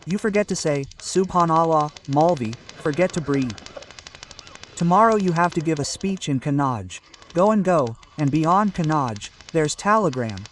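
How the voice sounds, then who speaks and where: A man's voice: a little high, a little hiss or hum. A male cleric preaching a sermon from India, emphatically coaxing the gathering to call back their responses. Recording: distant mic with loud crowd.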